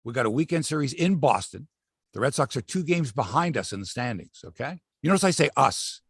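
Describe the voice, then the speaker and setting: A middle-aged man hosts a sports talk show, swearing freely and acting out what players said. His voice is gravelly and husky, and his pitch swings a lot. The sound is close and dry. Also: a little fast, no room sound. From Canada. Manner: animated, profane, acts out quotes from players. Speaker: sports podcast host. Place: outdoor studio by a lake.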